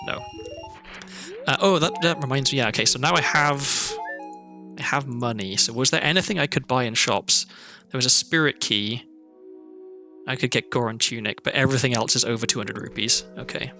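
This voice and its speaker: Welsh male streamer, bright mid-pitched voice, chatty and digressive play-by-play, faint background music. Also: moderate pace. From Wales. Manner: chatty, rambling and thoughtful, often trailing into asides. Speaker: game streamer. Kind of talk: casual gameplay commentary.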